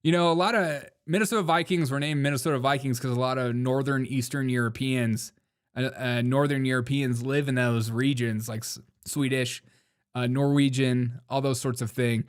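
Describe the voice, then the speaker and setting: Male host, casual live commentary, mocking, laughs a lot, mid-pitched voice. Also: fairly even intonation, moderate pace, clear, resonant tone. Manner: mocking, laughs often, calls people dude.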